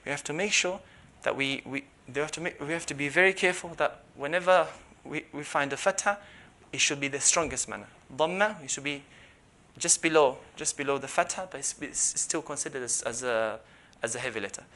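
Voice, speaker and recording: Patient male instructor, slightly high pitch, classroom lesson with loud spoken demonstrations. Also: a little fast. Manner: explains patiently, repeats syllables loudly to demonstrate. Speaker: Quran recitation teacher.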